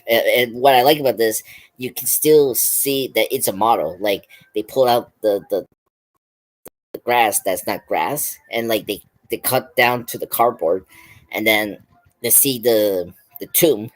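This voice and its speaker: A man hosting a pop culture stream, retelling a film's scenes in a loose, rambling way with lots of "like" and restarts. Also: medium pitch. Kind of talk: casual film review chat.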